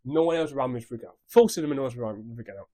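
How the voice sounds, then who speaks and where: A man's voice: mid-range voice, very fast, mellow, no echo. A young man casually recapping a show on his vlog in a scattered, rambling way, swearing freely. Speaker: YouTube recap host.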